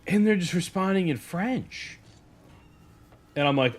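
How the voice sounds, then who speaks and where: A young adult man telling a casual story, animated and peppered with "like". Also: high voice, measured pace. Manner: animated, heavy use of "like". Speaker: streamer.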